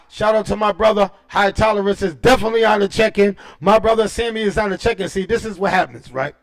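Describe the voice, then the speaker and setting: A man chats on his livestream in a high voice with a gravelly fry. He fires off shout-outs and boisterous, profane trash talk in street slang. He keeps tossing in "you know what I'm saying.". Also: steady tone, fast talker, hardly any pauses. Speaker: livestream host. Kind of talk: casual livestream chat.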